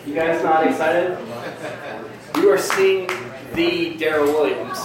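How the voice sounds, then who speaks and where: A man's voice: on the high side, slow pace, a crowd in the background. A man doing a crude, rambling, self-mocking stand-up comedy set on a club stage. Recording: echoey live club recording from a distance.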